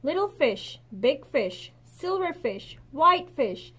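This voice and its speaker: A woman's voice: high voice, very animated, slow, fairly bright tone, full character voice. A woman reading aloud, voicing a stubborn, greedy male fisherman in a boastful, clipped way.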